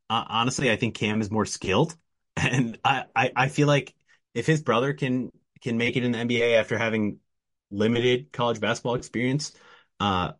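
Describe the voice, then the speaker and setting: A man co-hosting a casual sports podcast, talking in a steady, thoughtful way. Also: medium pitch. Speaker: podcast co-host.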